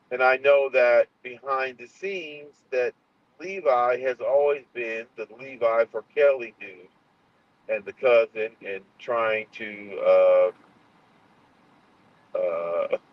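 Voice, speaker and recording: A man's voice: medium pitch, lively intonation, slow. A man hosting a casual livestream, heated and profane, often restarting his sentences. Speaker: channel host. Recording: muffled lo-fi sound.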